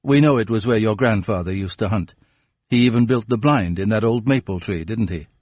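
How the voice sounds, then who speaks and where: A man voicing a calm, patient older police inspector who lays out his reasoning steadily. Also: lowish voice, no room sound, lo-fi sound, close to an everyday voice. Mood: probing. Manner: measured, quietly probing.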